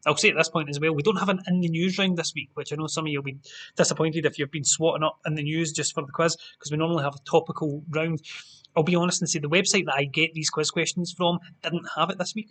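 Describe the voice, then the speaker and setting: A man hosting a live-streamed pub quiz in a chatty, self-deprecating way, repeating the rules slowly. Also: fairly high pitch, fairly bright tone. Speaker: quiz host.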